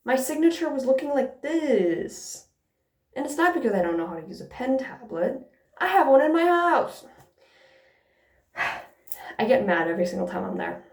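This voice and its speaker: A woman's voice: fairly low pitch, darkish tone. Exasperated woman ranting in a roomy space. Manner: exasperated, sarcastic, swears freely. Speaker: vlogger. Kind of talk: casual ranting storytime. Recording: roomy echo.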